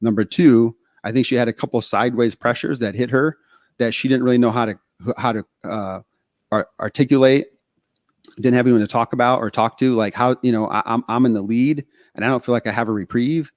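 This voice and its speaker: A man from Texas co-hosting a podcast, talking casually in animated stretches, full of fillers and restarts. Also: mid-range voice, brisk, no room sound, studio quality. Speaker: podcast co-host.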